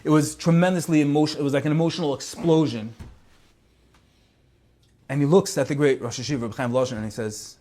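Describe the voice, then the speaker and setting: A man's voice: on the high side, steady tone, fast, pauses often, dark tone. A man telling a story in a sermon, earnest and emphatic, repeating words for weight. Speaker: speaker.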